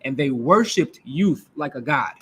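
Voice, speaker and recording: A man with a slightly high voice and a Midwestern American accent leads a sermon as a conversational teaching. He speaks loosely and informally, checks in with his listeners as he goes, and often restarts his thoughts mid-sentence. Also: animated, a little slow, breathy edge. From United States. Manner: loose and informal, talks back and forth with the congregation, frequent restarts. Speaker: preacher.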